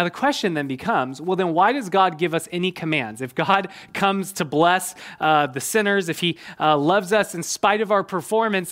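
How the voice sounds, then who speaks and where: A middle-aged man preaching in an earnest, conversational way, pausing on fillers as he works through a passage. His voice sits a little high for a man. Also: a bit bright. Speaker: pastor. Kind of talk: sermon.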